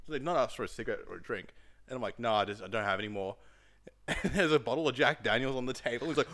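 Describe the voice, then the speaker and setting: A man's voice: medium pitch, rapid-fire, fairly bright tone. A young man chatting casually on a podcast, swearing and throwing in dry quips. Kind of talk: casual chat.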